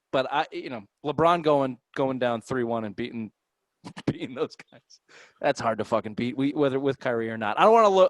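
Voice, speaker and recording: A man with a Boston accent hosting a casual sports podcast, animated and profane, his voice jumping up when he gets worked up. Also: mid-range voice, no echo.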